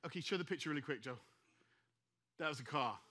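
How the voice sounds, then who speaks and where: Middle-aged man, pastor, storytelling sermon; high, ringing voice, animated, plays out dialogue. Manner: animated, acts out rapid-fire dialogue.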